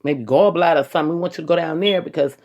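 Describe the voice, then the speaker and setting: A woman retelling what a doctor told her, speaking in a measured, hedging way. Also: deep voice, darkish tone, lo-fi sound. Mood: explaining. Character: calm doctor explaining test results.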